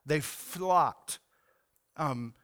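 Male pastor, 40s, high smooth voice, earnest, halting sermon delivery. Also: fairly bright tone. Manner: earnest, halting, repeats words, says "man" often.

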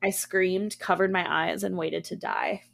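A woman podcast co-host reading a horror story aloud in a hushed, steady manner. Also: lowish voice, a little slow, vocal fry.

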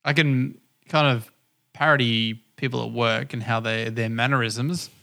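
Bright-voiced man hosting a podcast. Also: medium pitch, normal speed, vocal fry. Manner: animated, loose and chatty with swearing and laughs. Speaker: podcast host. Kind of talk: casual podcast chat.

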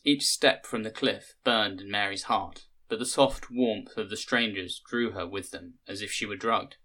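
A man reading a short story aloud for a podcast, in measured, literary narration. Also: on the low side, sharp tone. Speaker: podcast reader.

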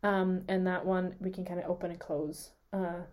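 Her voice is fairly low and darkish, steady in pitch, at a moderate pace. As co-host of a casual podcast, this native Swiss German speaker explains the production of consonants, sounding them out and laughing often.

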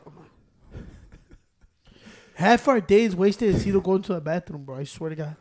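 A man's voice: high voice, lively intonation, brisk. A man in casual banter, teasing his friends, cursing and mixing Spanish with English.

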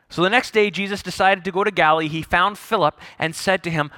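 A male pastor preaching a sermon, telling the story in an animated way with jokes and acted-out voices. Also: high voice, quick pace, hardly any pauses, no echo, studio quality.

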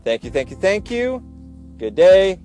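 A man's voice: high voice, big pitch swings, unhurried, mellow, faint music behind. A man hosting a casual solo podcast, chatting and joking as he repeats his advice with emphasis. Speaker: podcast host, airline gate agent.

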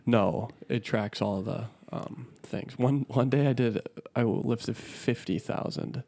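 A young man co-hosting a podcast, telling stories in animated, joking casual chat. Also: medium pitch, slow, vocal fry, no echo. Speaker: podcast co-host.

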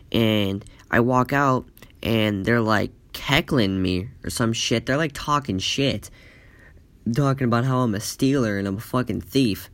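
A man's voice: on the low side, no room sound. A man telling a casual, profane story in rambling speech full of "like" fillers.

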